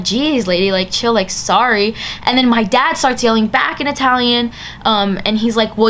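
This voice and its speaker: A young woman recounting a casual storytime in a fairly high voice, chatty and filling her sentences with "like". A faint ambient hiss sits under her voice. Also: a bit bright. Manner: chatty, full of "like" fillers. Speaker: vlogger.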